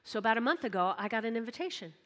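A woman's voice: a little high, lively intonation, very fast, fairly bright tone, big-room sound. A woman preaching a sermon in a church, talking conversationally and calling on the congregation to answer back. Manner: conversational, calls on the audience to respond.

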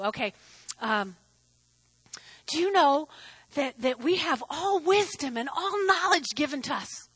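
A woman pastor preaching a sermon, emphatic, swinging between hushed asides and shouted declarations, hot and sweating. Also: high voice, expressive, measured pace, dry recording, low-quality recording.

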